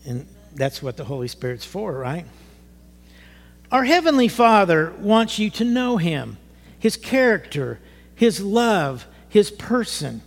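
A middle-aged man preaching a sermon to his church, animated, rising to emphatic bursts. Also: high voice, takes it slowly. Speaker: pastor. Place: church sanctuary. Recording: long hall reverb.

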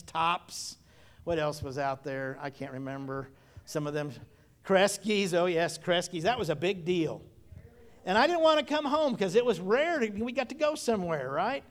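A middle-aged man preaching a sermon, telling folksy stories from his own childhood and often repeating phrases for emphasis. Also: high-pitched. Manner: folksy storytelling with personal memories and repeated phrases. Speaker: pastor.

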